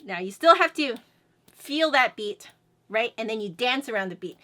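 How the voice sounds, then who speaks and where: Bright, chatty woman music teacher. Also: on the high side, moderate pace. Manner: explains then sings syllables to demonstrate beats; chatty and energetic. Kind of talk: instructional video lesson.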